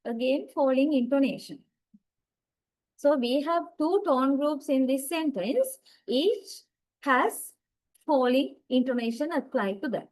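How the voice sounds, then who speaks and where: A woman lecturer giving an online class, explaining slowly with many fillers. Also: high-pitched, expressive, darkish tone, poor audio. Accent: South Asian English.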